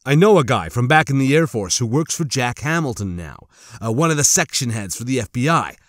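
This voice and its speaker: A man's voice: medium pitch, expressive, brisk, no room sound, studio quality, natural voice. A man voicing an easygoing young male soldier who talks casually with small hesitations, in an audiobook.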